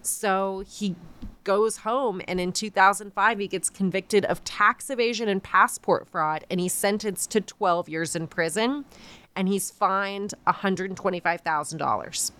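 A woman hosting a podcast, retelling a story casually with lots of fillers and animated asides. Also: mid-range voice, a little slow, clear, resonant tone. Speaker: podcast host.

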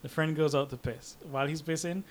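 A man co-hosting a podcast, retelling film scenes in a lively way, with laughs and mimicked lines. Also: on the high side, brisk. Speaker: podcast co-host. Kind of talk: casual film discussion.

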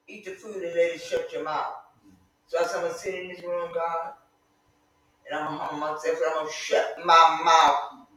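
Fervent woman teacher in an echoey church. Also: on the low side. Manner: emphatic, rising to shouts, chatty asides. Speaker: Sunday school teacher. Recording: echoey room, mic far off.

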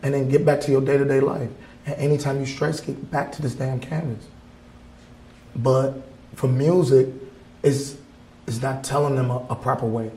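A man from Wisconsin speaks bluntly and heatedly, swearing freely as he talks. His voice sits at an ordinary middle pitch. The room around him rings with echo, and a faint hum of ambience runs underneath. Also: level tone, normal speed, long pauses, warm tone. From Wisconsin, USA. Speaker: artist guest. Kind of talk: casual interview. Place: art gallery.

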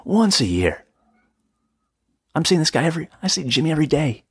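A young man hosting a podcast, ranting in exasperation and jumping into sudden high-pitched outbursts. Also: sing-song, brisk, breathy edge, dry recording. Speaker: podcast host. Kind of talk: comedic solo podcast rant. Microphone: podcast microphone.

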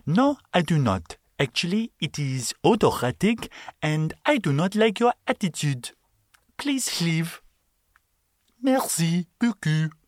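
A man's voice: on the high side, very animated, takes it slowly, dry recording, studio quality, voice pushed up. A man voicing a haughty shop clerk with a mock French accent, speaking in a prim, clipped, indignant way. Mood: snooty.

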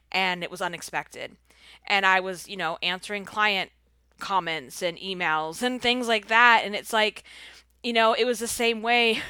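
A woman's voice: mid-range voice, pushed and bright, clear, resonant tone, dry recording. A pregnant woman in her thirties hosting her own podcast from a home office, talking candidly in a chatty way with fillers and laughs. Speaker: podcast host. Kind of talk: solo podcast monologue.

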